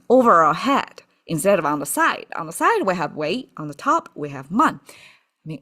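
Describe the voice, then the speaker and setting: A woman explains characters in an unhurried, thinking-aloud lesson. Her pitch sits a little low but moves a lot, and she keeps checking in with her listeners. She takes her time over each point. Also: fairly bright tone. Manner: thinks aloud, frequent "okay" and "right" checks, laughs at own theories. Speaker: Chinese vocabulary teacher.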